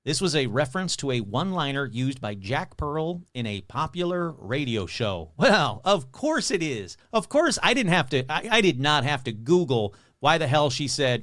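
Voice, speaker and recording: A podcast host with a fairly high voice that bounces all over the place, chatting sarcastically and rambling as he mocks himself and his material. The sound is dry and close, with no room around it. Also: very animated, normal speed, hardly any pauses, fairly bright tone, dry recording. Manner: sarcastic, rambling, self-mocking. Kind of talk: casual comedic chat.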